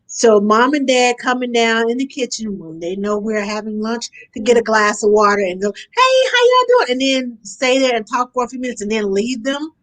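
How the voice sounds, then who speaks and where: A woman talking as a nanny in a casual conversation, animated and acting out the parents and children she describes. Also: a little high. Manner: animated, acts out parents and kids in quick asides. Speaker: nanny guest.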